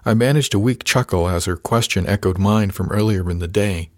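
A man reading a first-person novel aloud as an audiobook narrator, measured and lightly voicing the characters. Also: on the low side, dry recording, clean studio sound.

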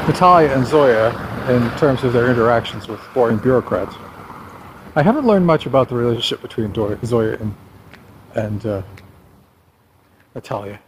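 A man's voice: mid-range voice, expressive, normal speed, pauses often, slight background noise, poor audio. A man talking through his writing plans in a casual walking vlog, rambling and correcting himself with a wry tone. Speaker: vlogger and novelist.

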